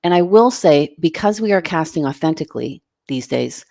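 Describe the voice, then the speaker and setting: Middle-aged woman, casting director type, low gravelly voice, blunt and emphatic, dry close sound. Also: lively intonation, normal speed, warm tone, no room sound. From Canada. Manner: frank, emphatic, plain-spoken advice. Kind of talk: casual interview answers.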